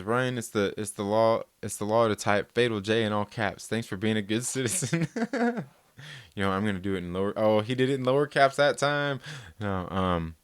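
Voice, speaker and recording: A man's voice: on the low side, smooth, no room sound. A man, hosting a casual live stream, rambling and reading viewer comments with lots of laughs. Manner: rambling, laid-back, laughs often.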